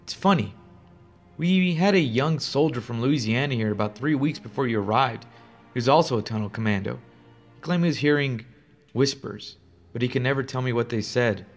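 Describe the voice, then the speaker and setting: A male psychiatrist with icy composure , as a man narrating puts him on, asking questions in a slow, measured way. The menace sits under a calm surface. Faint music plays beneath the voice. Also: medium pitch, close to an everyday voice. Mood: cold probing. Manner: measured, cold, probing. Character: cold clinical male psychiatrist, quietly menacing.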